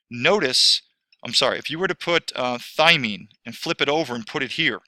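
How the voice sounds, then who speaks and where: A man's voice: mid-range voice, expressive, moderate pace, bright, forceful tone, no room sound. A man teaching a screen-recorded lesson, rambling and correcting himself as he talks through each step.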